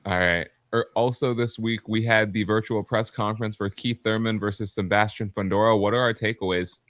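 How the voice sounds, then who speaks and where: A man's voice: on the low side, fairly even intonation, brisk, a bit bright, dry recording. A man co-hosting a boxing podcast in casual chat, matter-of-fact, moving the talk along.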